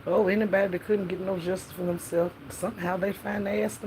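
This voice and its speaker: A woman's voice: mid-range voice, flat delivery, fast talker, hardly any pauses, darkish tone, a little hiss or hum, low-quality recording. A middle-aged woman, freestyling a profane, sassy comic story with frequent laughter. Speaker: podcast host telling a story in character.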